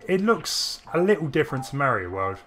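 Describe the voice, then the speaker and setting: Speaking fairly quickly in a slightly high, a bit bright voice with big pitch swings, a man co-hosts a game stream against faint music. He chats casually while playing, rambling, restarting often and laughing.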